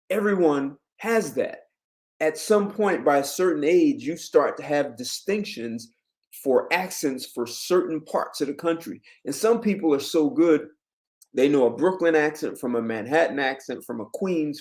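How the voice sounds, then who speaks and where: A man giving relationship advice to camera in an emphatic, lecturing way, jumping up in pitch on key words. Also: a little mellow. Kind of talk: direct-to-camera commentary.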